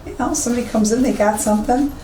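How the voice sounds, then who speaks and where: Inside a deserted old police station, a woman who works as a psychic medium narrates her walk-through in a fairly high, mellow voice, talking very fast. Her delivery is emphatic and repetitive, and the recording has an echoey quality with faint background hiss.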